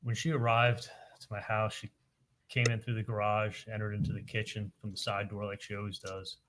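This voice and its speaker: A man on the witness stand, recounting events haltingly and quoting the dialogue in detail. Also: on the low side, level tone, noisy background. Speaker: witness testifying at a trial. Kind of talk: courtroom testimony.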